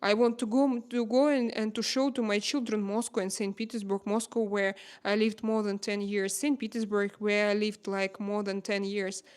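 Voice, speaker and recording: A woman in her thirties from Russia, speaking English with a Russian accent as a livestream host, emotional and pleading, halting often to find words. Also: mid-range voice, level tone, darkish tone, clear, resonant tone. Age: 30s. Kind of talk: casual livestream chat.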